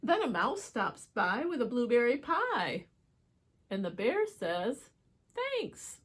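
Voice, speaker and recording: A woman reading picture books aloud to children, expressive, with chatty asides to her young viewers. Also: on the high side, slow pace, breathy edge. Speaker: children's book reader. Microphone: holds book up to camera.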